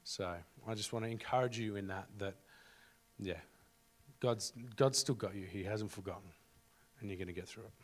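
Earnest, halting man. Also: on the low side, fairly even intonation, a little hiss or hum. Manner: earnest, halting, many fillers and restarts. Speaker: church member sharing a testimony. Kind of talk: casual spoken testimony.

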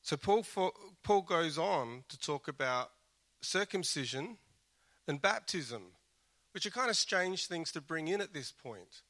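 A man's voice: on the high side, animated, measured pace, a bit bright. A man preaching a sermon in an earnest, conversational way, often restarting his phrases and slipping in wry self-deprecating asides. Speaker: pastor.

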